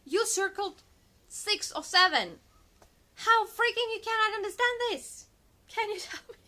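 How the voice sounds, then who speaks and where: A woman's voice: very high-pitched, expressive, bright, forceful tone, pitched above the performer's own voice, exaggerated voice. A woman imitating a meek, flustered male doctor who keeps agreeing and apologizing. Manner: rapid nervous agreeing, repeated yeses.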